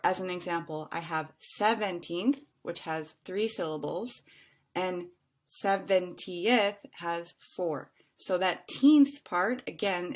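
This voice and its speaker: Slow, careful woman teaching English. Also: on the low side. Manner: slow, careful explanation with stretched example words. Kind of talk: online English lesson.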